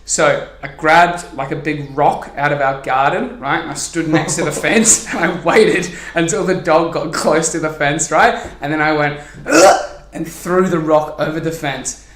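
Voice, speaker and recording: A man's voice: a little high, fairly even intonation, normal speed, few pauses, a bit bright. Swearing, laughing young man in an echoey room. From New Zealand. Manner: swears freely, laughs through his story, acts out voices. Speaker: podcast host. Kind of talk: casual storytelling chat.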